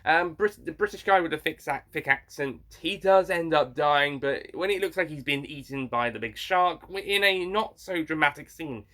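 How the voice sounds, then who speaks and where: Man, film reviewer, bright tone, casual rambling delivery, blunt opinions, lots of self-corrections. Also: on the high side, moderate pace, few pauses. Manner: rambling, frank, with frequent restarts and blunt swearing.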